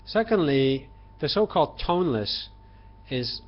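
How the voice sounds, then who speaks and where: A man giving an opinionated online language lesson, talking emphatically with throat clearing and fillers. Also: animated, measured pace, lo-fi sound. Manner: voices tones with sudden loud highs and quiet lows. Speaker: language teacher.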